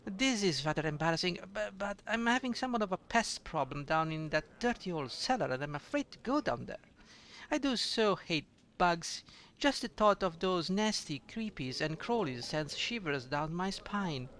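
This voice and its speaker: A man's voice: high-pitched, sing-song, moderate pace, a bit bright, heavily acted. A man voicing a sweet, fussy middle-aged woman who runs a tavern, reading game dialogue aloud. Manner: fussy, calls the listener dearie.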